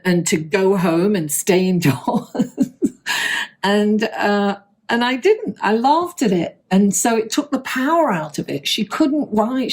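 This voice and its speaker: Woman, tarot reading host, casual horoscope talk, mellow warm voice, rambling, laughs often, gentle encouraging. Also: mid-range voice. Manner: rambling, chatty storytelling with frequent laughs; gentle, encouraging advice to viewers. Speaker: astrology and tarot channel host.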